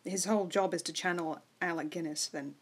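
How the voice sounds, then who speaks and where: A woman co-hosting a podcast, talking about a film in a relaxed, wry, offhand way. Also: fairly low pitch, a little fast, husky. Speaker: podcast co-host. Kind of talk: casual film discussion.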